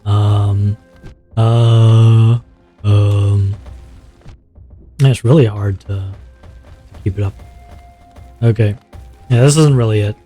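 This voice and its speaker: A man streaming a game, rambling in a relaxed, self-conscious way with a slightly sore throat. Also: lowish voice, slow, pauses often, soft background music. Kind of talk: casual gameplay chat.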